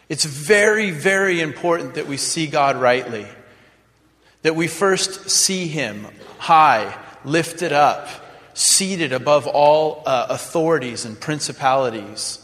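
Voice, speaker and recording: A man preaching a sermon as a pastor, dramatic and expressive, acting out sample prayers in mock voices. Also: on the high side, unhurried. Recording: long hall reverb.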